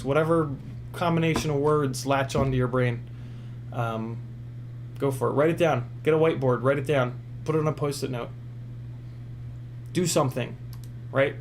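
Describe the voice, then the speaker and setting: A man's voice: on the high side, slight background noise. A man hosting a casual live stream, reading viewer comments and answering them in an earnest, encouraging way with many fillers.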